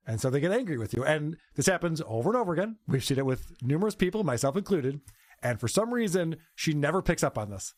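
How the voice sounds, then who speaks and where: Male podcast host, sarcastic clip commentary, lively swooping delivery, dry close sound. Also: a little high, quick pace, no room sound. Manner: sarcastic, animated, laughing. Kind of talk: commentary on clips.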